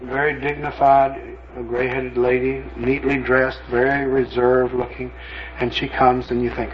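Folksy pastor with a lo-fi sound. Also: male voice, mid-range voice, monotone, brisk, slight background noise. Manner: folksy, anecdotal, lots of "you know". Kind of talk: sermon storytelling.

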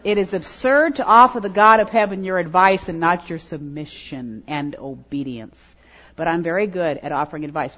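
Addressing a women's gathering, a middle-aged woman preaches a sermon, swinging between loud, emphatic lines and hushed, prayerful drops. Her voice sits on the low side at a normal speed, and the lo-fi recording sounds dull.

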